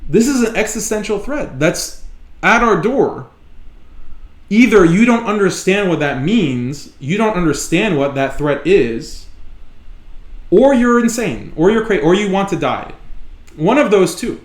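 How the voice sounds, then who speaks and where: Male live-show host, fairly high voice, emphatic and repetitive, echoey room. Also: expressive, unhurried. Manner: emphatic, repeats points for stress. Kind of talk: live solo commentary.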